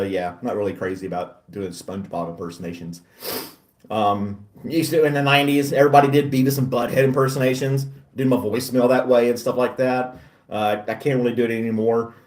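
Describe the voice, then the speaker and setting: A man's voice: mid-range voice, darkish tone, echoey room, recorded from a distance. A middle-aged man hosting a casual chat, talking in a chatty, self-deprecating way and laughing often. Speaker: host.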